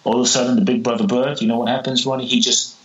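A man telling a parable in a podcast interview, animated and repeating words as he acts out the characters. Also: mid-range voice, rapid-fire, muffled recording. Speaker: guest, spiritual teacher.

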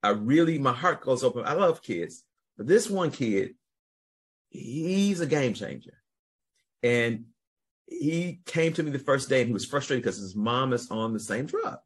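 A man's voice: mid-range voice, lively intonation, measured pace, slightly rough. A man hosting a podcast, telling a long story in a rambling, casual way, restarting sentences and swearing freely. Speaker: podcast host.

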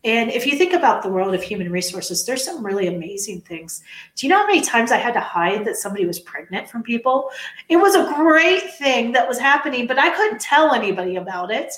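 A woman's voice: a little high, brisk. A woman who coaches leadership and once worked in HR, talking earnestly in a podcast chat, stressing points by repeating them and acting out quotes. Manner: earnest, repetitive emphasis, animated quoting. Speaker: leadership coach, former HR professional. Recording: echoey room.

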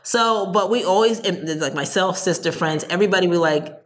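Brief: chatty woman guest, lowish voice, animated rambling storyteller. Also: fairly quick. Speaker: podcast guest, business owner. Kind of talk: casual storytelling interview.

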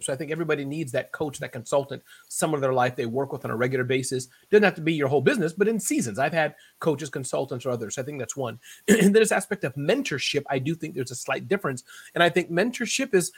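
A man's voice: fairly high pitch, a bit bright, husky. A man around fifty, a podcast guest talking animatedly in a casual interview, often repeating words as he builds a point. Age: 50s.

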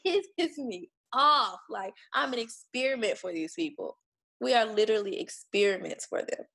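On a podcast, a woman tells the story of her birth in a frank, casual, emphatic way, swearing now and then and voicing what others said to her. Her voice is a little high, gravelly, fairly bright and breathy, with lively intonation at a normal speed.

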